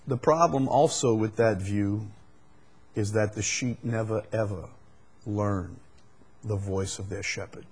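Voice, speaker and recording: Slightly rough and a little slow, this male pastor's sermon alternates between booming, emphatic moments and hushed, quiet ones. He addresses the congregation with rhetorical questions.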